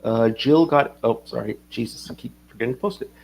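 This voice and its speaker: A man's voice: medium pitch, brisk, gravelly, darkish tone, a little hiss or hum. A man hosting a livestream, rambling casually, swearing and reading chat comments aloud. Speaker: livestream host.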